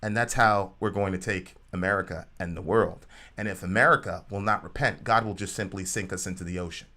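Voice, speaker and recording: A man's voice: sits low, fairly even intonation, brisk, bright, forceful tone. A man co-hosting a livestream talk show, preaching animatedly and acting out quoted voices. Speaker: show co-host.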